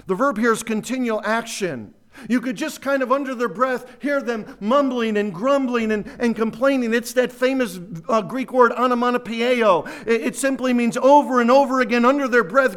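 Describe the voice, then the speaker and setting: A man preaching a sermon, teaching verse by verse through a Bible passage with animated explanation. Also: sits high, normal speed.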